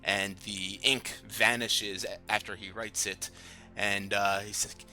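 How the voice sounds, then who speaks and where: A man narrating a tabletop game as game master, halting with lots of fillers. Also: on the low side, flat delivery, sharp tone, soft background music.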